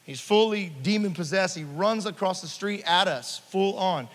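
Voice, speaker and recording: High-voiced preacher in a reverberant hall. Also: male voice, normal speed. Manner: storytelling preacher, swings between hushed and loud. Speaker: pastor. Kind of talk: sermon.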